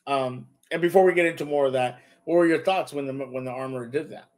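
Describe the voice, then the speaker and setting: A man hosting a relaxed talk show about a TV episode. He retells the scenes with lively quoted lines and talks in an average pitch for a man. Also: fast, few pauses. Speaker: podcast host. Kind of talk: casual show review chat.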